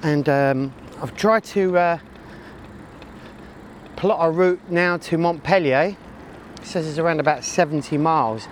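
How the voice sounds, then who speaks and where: A man's voice: on the high side, a little slow, pauses often. A man cycling outdoors, rambling through a casual, jokey vlog about his ride and route. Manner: rambling, jokey, self-mocking, talks to himself. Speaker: cycling vlogger. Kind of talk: casual vlog narration while riding. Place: outdoors on a bicycle, country roads and city. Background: faint traffic and outdoor noise.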